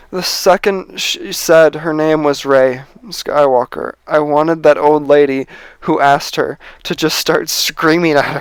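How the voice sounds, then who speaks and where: A man's voice: on the high side, clear, resonant tone, no echo. A man giving an exasperated, profane ranting review of a film. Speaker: movie reviewer.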